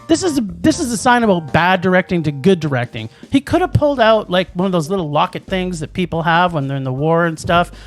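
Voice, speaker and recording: An animated man ranting through a casual podcast film review, his pitch swinging widely as he jumps from thought to thought. Faint music sits under the talk. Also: quick pace, hardly any pauses. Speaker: podcast co-host. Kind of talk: casual movie review chat.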